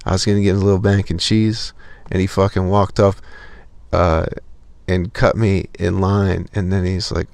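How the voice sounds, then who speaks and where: A man's voice: sits low, flat delivery, normal speed, vocal fry, a little mellow, no room sound. A young man telling a profane, exasperated story as a podcast host in a casual comedic rant.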